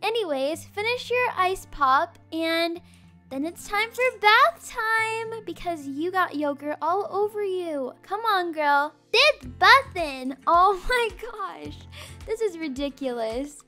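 A young woman with a very high, bright voice runs a playful game roleplay as a mom. She talks slowly, slipping from cooing baby talk into chatty commentary. Her tone stays lively and animated throughout. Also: faint music behind.

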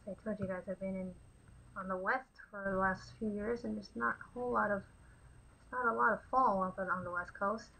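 A woman's voice: medium pitch, fairly even intonation, fairly quick, vocal fry, sharp tone, a little hiss or hum, rough recording. A young woman and artist hosting her own channel, chatting casually while she paints, often dropping to a near whisper.

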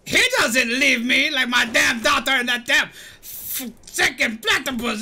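A man streaming games, giving loud commentary and yelling insults at the game. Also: extremely high pitch, a little slow, a little hiss or hum. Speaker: gaming streamer. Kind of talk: gameplay commentary.

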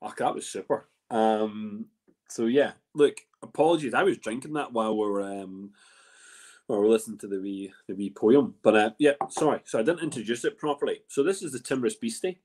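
A man's voice: on the low side, fairly quick, darkish tone. A man hosting a whisky tasting in a casual, rambling way, full of restarts and fillers. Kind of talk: casual spoken presentation.

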